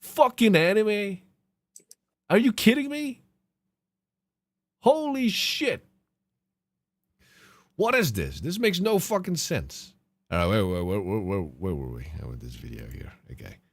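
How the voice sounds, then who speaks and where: A man hosting a podcast, ranting casually with profane, animated outbursts. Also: a little high, measured pace, pauses often, dry recording. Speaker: podcast host.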